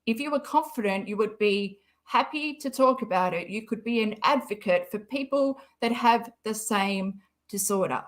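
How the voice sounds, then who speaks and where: A woman's voice: mid-range voice, normal speed, few pauses. A woman hosting a casual live stream, rambling and sarcastically mocking as she comments.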